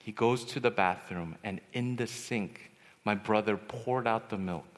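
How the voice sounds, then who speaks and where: A man giving a personal testimony as a retreat speaker, storytelling and swinging from hushed to loud. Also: lowish voice, unhurried. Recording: long hall reverb.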